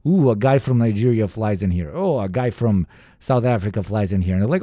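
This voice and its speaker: A man's voice: fairly low pitch, lively intonation, a little fast, dark tone, no room sound, clean studio sound. A young man from the former Yugoslavia giving a casual, profane, ranting reaction commentary and mimicking other people. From former Yugoslavia, Balkans. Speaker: reaction streamer.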